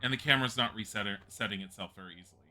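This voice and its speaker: A man streaming a game live with a very bright, forceful voice. He rambles casually through his commentary, laughs often, and swears without a second thought. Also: fairly low pitch, very fast.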